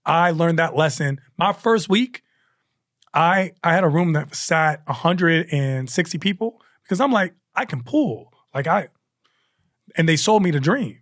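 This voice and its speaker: A male comedian chats as a guest, telling stories in a lively, loose way, tossing in asides and restarting sentences as he goes. His voice sits fairly high, a little above the usual male range, and his pace is a little slow. The recording is close and dry, with no room echo.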